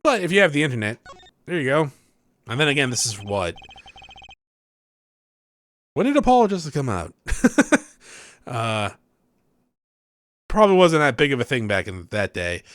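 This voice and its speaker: A man's voice: mid-range voice, very animated, normal speed, pauses often, fairly bright tone. A young man rambling casually as he comments on a video game he is playing, laughing and correcting himself. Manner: chatty, rambling asides with laughs and self-corrections. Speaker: let's play host.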